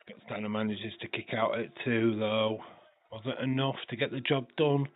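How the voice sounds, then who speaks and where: A tired, stuffy-nosed man hosting a livestream, giving loose wrestling play-by-play with swearing and sudden excited bursts. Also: on the low side, normal speed. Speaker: livestream host. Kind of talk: casual wrestling watch-along commentary. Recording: thin phone-like sound.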